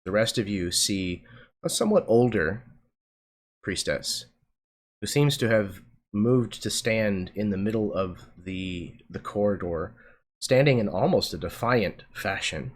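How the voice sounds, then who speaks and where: A man acting as game master, narrating a tabletop game in a slow, deliberate way. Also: lowish voice, animated.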